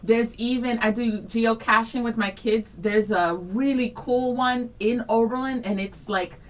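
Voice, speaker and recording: An enthusiastic female co-host chats on morning radio in a fairly high voice, full of fillers and excitement. She sits a little away from the mic, so she sounds distant. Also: unhurried. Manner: bubbly and enthusiastic, with many fillers. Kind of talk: casual radio chat.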